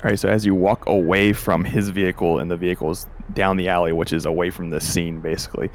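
A man's voice: sits low, flat delivery, fast, slight background noise. A man narrating as game master of a tabletop game in a loose, filler-heavy way.

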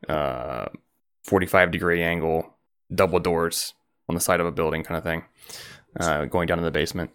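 A man's voice: low-pitched, clean tone. A man narrating as game master at home, rambling with lots of fillers.

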